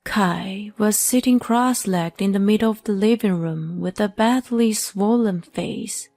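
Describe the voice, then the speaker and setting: Woman narrator, unhurried scripted first-person telling, mid-pitched, faint music under it. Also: no echo. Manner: slow, even first-person storytelling. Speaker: story narrator.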